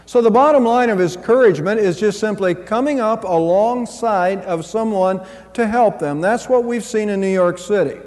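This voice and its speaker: High-voiced man preaching in a reverberant hall. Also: moderate pace, a little mellow. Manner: earnest preaching with frequent restarts. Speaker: pastor. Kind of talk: sermon.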